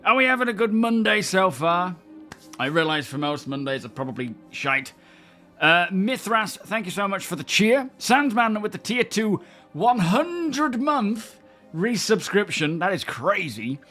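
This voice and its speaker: A man's voice: sits high, very animated, measured pace, pushed and bright, soft background music. A young man streaming a game, chatting casually and greeting his viewers by name. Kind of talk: casual live-stream chat.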